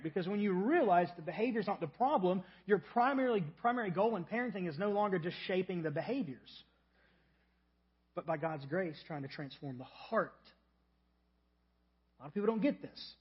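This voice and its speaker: Man, pastor, sermon, emphatic, repeats phrases, husky, muffled lo-fi recording. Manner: emphatic, repeats key phrases, drops to soft low tones for acted prayers.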